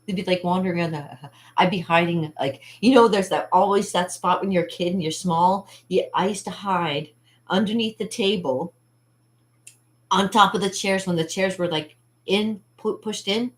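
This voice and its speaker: A woman hosting her own channel chats casually and rambles from one thought to the next. She laughs often and acts out what other people said. Her voice sits a little low. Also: moderate pace. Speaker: channel host. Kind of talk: casual vlog chat.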